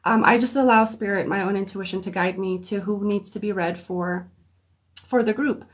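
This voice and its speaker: A woman hosting a livestream of free readings in a relaxed, unhurried way, often pausing on "um" as she chats with viewers. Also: medium pitch. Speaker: host and psychic reader. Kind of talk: casual livestream chat.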